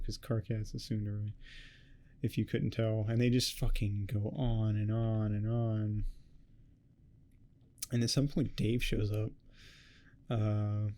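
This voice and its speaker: A man giving a rambling, heavily swearing casual recap of a webcomic, tossing off quick quotes of the characters. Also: lowish voice, little pitch movement, dark tone. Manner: swears a lot, rambling and offhand. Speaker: host. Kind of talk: casual comic recap commentary.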